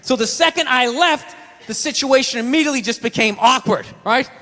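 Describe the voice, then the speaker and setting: A man doing stand-up comedy with a Boston accent, telling stories in a loud, ranting way on a stage. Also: very high voice, brisk. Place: comedy stage in a large venue. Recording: live stage recording with hall reverb.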